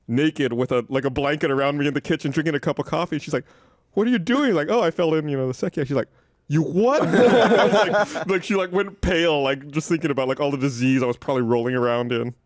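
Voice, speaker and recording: Man, casual storyteller, rambling, filler-heavy, mid pitch, dry close sound. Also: fast talker, no echo.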